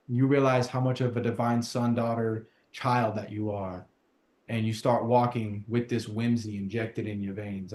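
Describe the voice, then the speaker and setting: Preachy, passionate podcast host, mid-pitched man, roomy echo. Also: a little hiss or hum. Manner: fervent, preachy, builds to shouting. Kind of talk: casual spiritual podcast chat.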